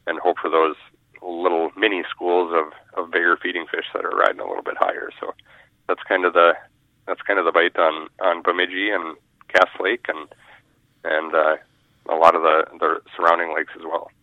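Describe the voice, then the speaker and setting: A man's voice: deep voice, moderate pace, vocal fry, dry recording. A man, a fishing guide talking casually in a radio interview, rambling and repeating his words. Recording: muffled phone line.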